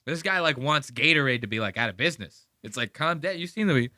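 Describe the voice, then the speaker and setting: A male podcast host ranting in a casual, profane, animated way, full of "like". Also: a little high, fast talker, no echo, clean studio sound. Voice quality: animated, profane, heavy use of "like".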